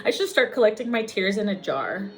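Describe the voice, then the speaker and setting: A woman's voice: medium pitch, sing-song, fairly quick, soft background music. A woman from the United States, a registered nurse, talking in a raw personal vlog, emotional and blunt with lots of swearing, teary at times.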